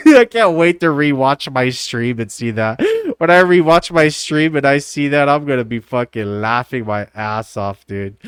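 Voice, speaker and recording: A man's voice: mid-range voice, expressive, a little slow, clean tone, no echo, studio quality. A man livestreaming, chatting casually and rambling, swearing a lot and calling everyone "dude". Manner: rambling, profane, says "dude" constantly.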